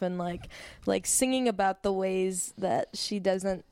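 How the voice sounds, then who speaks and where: Woman, smooth resonant voice, dry close sound, reflective casual talker. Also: medium pitch, slow, darkish tone, dry recording. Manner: reflective, thinks aloud with restarts. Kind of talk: casual chat about songwriting.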